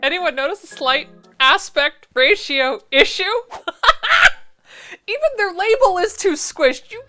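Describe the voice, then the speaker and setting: A woman hosting a casual vlog, reviewing sewing patterns in a sarcastic, exasperated, animated way. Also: on the low side.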